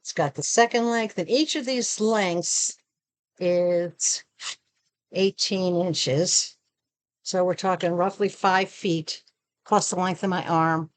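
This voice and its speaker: A woman's voice: fairly low pitch, slow. Chatty woman reviewing home products. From Arizona. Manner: chatty, shows items while talking. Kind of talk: casual unboxing chat.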